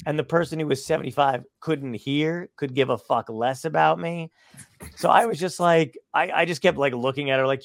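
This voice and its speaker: A man's voice: a little high, no echo, studio quality. A man, a stand-up comedian, telling profane stories in casual chat and acting out the people in them. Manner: profane, animated, acts out quoted dialogue.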